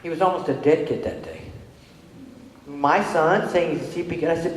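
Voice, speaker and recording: Middle-aged woman speaker, lively storyteller who acts out each quote, echoey hall sound. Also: low voice, normal speed. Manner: animated, acts out dialogue in quoted voices. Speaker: speaker on disability inclusion. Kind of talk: storytelling presentation.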